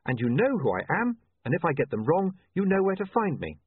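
Polite young reporter voiced by a man, earnest, deferential, lively pitch, dry phone-like sound. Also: brisk, husky, no echo, full character voice.

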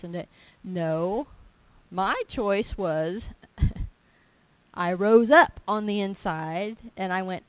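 A woman's voice: medium pitch, slow, pauses often, clear, resonant tone, poor audio. A woman giving a testimony sermon, telling stories with emphasis and acting out dialogue. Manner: animated storyteller, emphatic, acts out dialogue. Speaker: church speaker giving testimony.

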